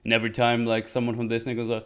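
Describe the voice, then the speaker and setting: A man's voice: mid-range voice, monotone, very fast, a bit bright, clear, resonant tone. A man giving casual livestream commentary on a TV show, rambling and hesitant as he thinks aloud. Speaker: streamer reviewing a TV show.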